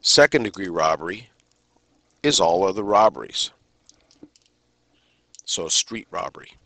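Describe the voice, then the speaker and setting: A man with a fairly low voice and a sharp, forceful tone delivers a criminal justice lecture. He speaks in a measured, deliberate way and pauses between phrases. The recording is close and dry, with no room sound. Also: animated, creaky, no echo.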